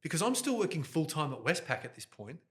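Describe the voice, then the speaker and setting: A man in middle age, talking as a guest in a podcast studio. His voice is bright and forceful, and he talks in lively, fast bursts. He is close on a directional microphone. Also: on the high side. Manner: energetic, fast, jokey, talks with his hands toward the mic. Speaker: guest, event host and MC. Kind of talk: animated interview storytelling.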